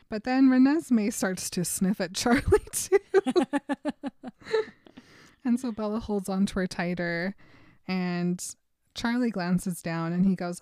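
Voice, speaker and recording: A woman's voice: mid-range voice, takes it slowly, long pauses, warm tone, no room sound, clean studio sound. A young adult woman co-hosting a podcast, retelling a novel in casual chat, chatty and often giggling. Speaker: podcast co-host.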